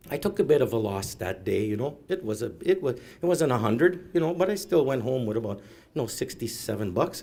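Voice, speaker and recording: A man's voice: medium pitch, a little mellow. A middle-aged man doing stand-up storytelling, rambling and self-mocking, tagging "eh" onto his lines. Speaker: comedian. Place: live event room.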